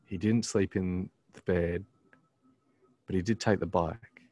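Reflecting earnestly on his faith, a man tells a personal podcast story in a low, darkish voice with fairly even intonation. His delivery is casual and halting, peppered with ums and false starts.

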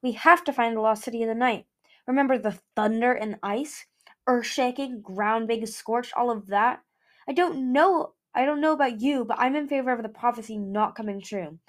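A woman's voice: on the high side, moderate pace, natural voice. A woman voicing a loyal young male dragon who speaks up eagerly for his friends.

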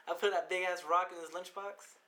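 A man's voice: high-pitched, steady tone, fairly quick, pushed and bright. A young man in casual chat with friends, telling crude stories full of slang and laughter. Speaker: friend reminiscing.

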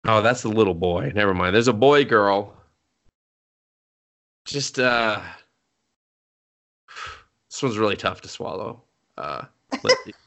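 A man co-hosting a podcast in casual chat, animated and profane, laughing often as he recaps shows over a remote call. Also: fairly low pitch, takes it slowly, pauses often. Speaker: podcast co-host.

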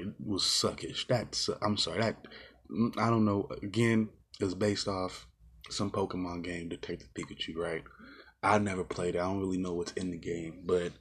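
Brief: male vlogger, lowish husky voice, ranting, loose and rambly, swears a lot. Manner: ranting, exasperated, swears often; rambling with many fillers and restarts. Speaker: movie reviewer. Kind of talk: casual rant-style movie review.

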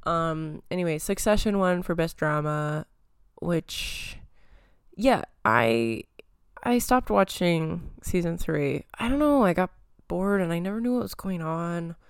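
A woman's voice: lowish voice, lively intonation, a little slow, clear, resonant tone, no room sound, studio quality. A young woman hosting a casual pop-culture podcast, rambling with lots of fillers and giggles, a little phlegm in her throat. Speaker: podcast host.

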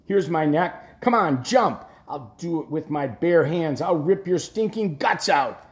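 A man voicing a drunken, frail old king who roars and shrieks with a raw, hoarse breath. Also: fairly high pitch, expressive, measured pace, reverberant, pitched above the performer's own voice. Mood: raging. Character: drunken old king, raging and grief-stricken.

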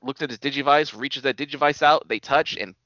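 A young man co-hosting a casual podcast, calmly explaining the plot to listeners and calling his friend buddy. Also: mid-range voice, brisk, no room sound. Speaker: podcast co-host. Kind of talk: casual chat recapping a cartoon. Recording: dull, slightly lo-fi dry sound.

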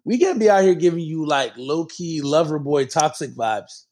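A man's voice: a little high, lively intonation, normal speed, darkish tone. A man co-hosting a podcast in casual, slangy, joking chat. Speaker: podcast co-host.

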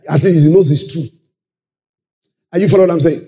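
Brief: male pastor, slightly high, warm tone, sermon with constant "praise the Lord" asides. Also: rapid-fire, long pauses. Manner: peppers talk with "praise the Lord" and checks listeners follow. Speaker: preacher.

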